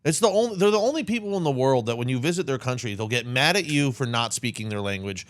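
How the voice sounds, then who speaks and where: Animated crude-joking podcast man. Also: medium pitch, fast. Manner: animated, crude humor, mock voices. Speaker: podcast co-host. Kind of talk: casual podcast banter.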